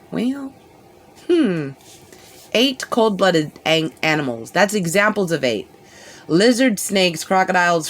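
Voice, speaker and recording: A woman thinks out loud during a live reaction video. Her low-set voice swoops up and down a lot, and she throws in rhetorical questions and little giggles. She takes her time over every thought. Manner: musing aloud with rhetorical questions and soft giggles. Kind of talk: rambling live reaction commentary.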